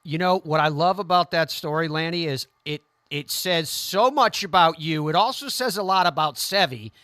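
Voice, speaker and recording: A man's voice: fairly high pitch, moderate pace, bright, forceful tone, dry recording. A man hosting an interview show, chatty and enthusiastic as he leads into questions. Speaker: host.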